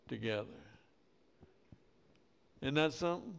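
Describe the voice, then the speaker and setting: Slow gravelly preacher man. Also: mid-range voice, steady tone. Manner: preaching with rising emphasis and acted Bible quotes. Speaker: pastor. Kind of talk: sermon.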